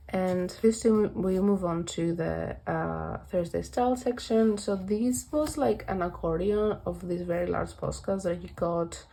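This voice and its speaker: A woman's voice: fairly low pitch, mellow, rough recording. A woman chatting casually as she flips through her collection binders, rambling and correcting herself with little laughs, her voice a bit worn as she is losing it. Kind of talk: casual vlog walkthrough.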